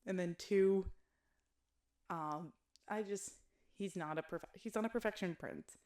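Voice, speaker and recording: A woman YouTuber talking in casual chat, animated, blunt and jokey. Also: medium pitch, a little slow. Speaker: YouTuber reviewing films.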